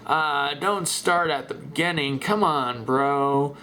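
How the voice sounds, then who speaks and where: A man voicing a rambling, excited middle-aged radio caller who talks slowly and halting, repeating himself in a comic voice-over dub. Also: fairly high pitch, a little hiss or hum.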